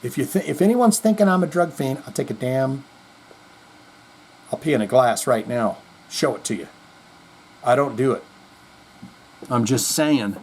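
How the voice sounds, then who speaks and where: A man's voice: medium pitch, expressive, moderate pace, pauses often, a little mellow, breathy edge. A middle-aged man hosting a podcast, rambling in casual chat with self-deprecating jokes. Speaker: podcast host.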